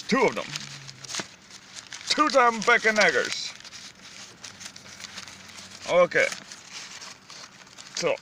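Goofy man with a very bright voice. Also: medium pitch, slight background noise. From Canada. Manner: goofy, repetitive, chanting the same phrase. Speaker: food reviewer. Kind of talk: casual food review vlog.

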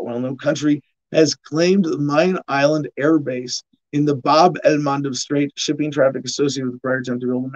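A man's voice: fairly high pitch, muffled recording. A man hosting a podcast, reading headlines and riffing on them sarcastically, with frequent restarts and laughs. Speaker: podcast host. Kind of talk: casual news commentary.

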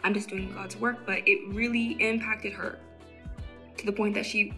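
Preaching informally to camera with soft music in the background, a woman evangelist speaks at normal speed in a medium-pitched, flat voice. She repeats phrases for emphasis and occasionally lowers her voice almost to a whisper.

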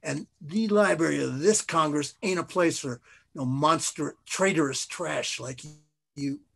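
A man's voice: on the high side, measured pace, vocal fry, a bit bright, heavily acted. A man voicing a defiant, scornful old doorkeeper in a storybook reading. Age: older. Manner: scornful, demanding.

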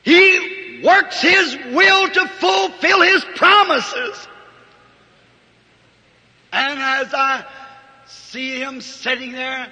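A man preaching a fervent revival sermon in a large hall before a congregation, often rising to shouts. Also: very high-pitched, steady tone, very slow, long pauses. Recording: reverberant old hall recording.

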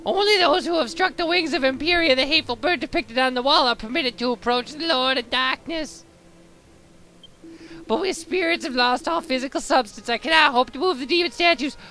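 A man voicing a mournful, bodiless spirit from a video game, reading its dialogue aloud in a high, theatrical, lamenting voice. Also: fairly quick, bright, forceful tone, exaggerated voice, low-quality recording. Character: mournful bodiless spirit, dark-cult devotee.

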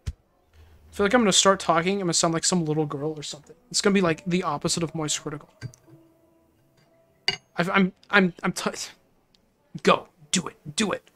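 A woman's voice: lowish voice, fairly even intonation, a little fast, long pauses, fairly bright tone. A woman game streamer chatting casually on a livestream, giggly, rambling and easily flustered.

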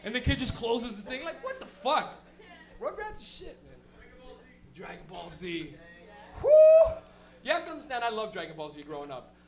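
Animated, foul-mouthed male comic, high voice. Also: a little fast, gravelly, a crowd in the background. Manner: animated, profane, laughs often, shouts for effect. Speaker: stand-up comedian and show host. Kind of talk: stand-up comedy. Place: live comedy club stage.

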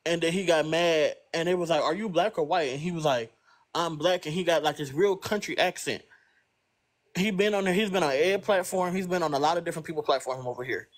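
A man's voice: on the high side, fairly quick. A man in a casual live stream chat, chatty and amused, talking through a phone.

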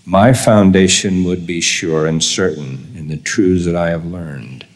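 An older man giving a formal devotional sermon in a slow, measured, deliberate way. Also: low voice. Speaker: church leader giving a devotional address.

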